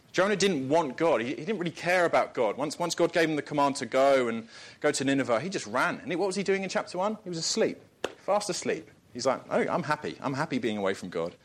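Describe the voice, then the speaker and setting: Conversational male preacher asking rhetorical questions. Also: medium pitch. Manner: conversational, jokes and chuckles between points; asks the listeners rhetorical questions. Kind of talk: sermon.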